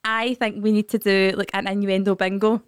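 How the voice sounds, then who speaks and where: A woman's voice: medium pitch, level tone, brisk, clean tone, dry recording, studio quality. A young Scottish woman co-hosting a casual chat podcast, playful and teasing. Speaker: podcast co-host.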